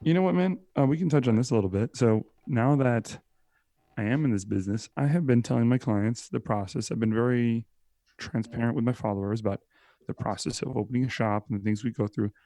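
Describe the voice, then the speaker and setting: A man, co-hosting a podcast in casual, animated chat and swearing freely. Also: medium pitch, a little fast, no echo, clean studio sound. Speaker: podcast co-host.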